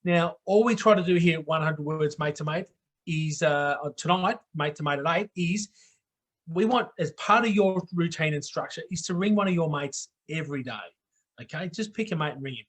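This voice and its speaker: A middle-aged Australian man hosts a live online talk show, his voice a little high, normal in speed and a bit bright. He's blokey and down-to-earth, often checking in with "okay?" and repeating it for emphasis.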